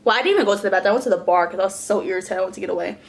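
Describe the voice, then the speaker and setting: Animated young woman vlogger telling a story. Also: medium pitch, racing, gravelly. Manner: animated, swearing, lots of "like". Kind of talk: casual storytime.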